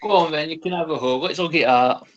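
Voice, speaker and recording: A man's voice: a little high, fast, muffled recording. A man playing a tabletop game, easygoing and casual. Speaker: player.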